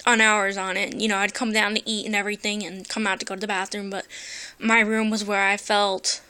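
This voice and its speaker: A woman's voice: medium pitch, flat delivery, a little fast, sharp tone, clean tone. A woman telling a personal story into her phone, earnest and emotional, hesitating with many fillers. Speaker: vlogger.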